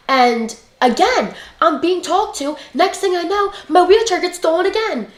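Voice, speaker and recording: A young woman telling a story in a casual, blunt, chatty way, swearing freely as she talks. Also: high voice. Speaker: livestream guest. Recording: roomy echoey room.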